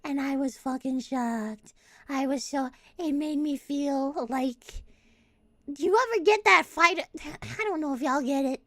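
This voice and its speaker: A woman's voice: high voice, a little slow, no room sound. A young adult woman streaming a casual chat, rambling, swearing and breaking into giggles often. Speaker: VTuber streamer.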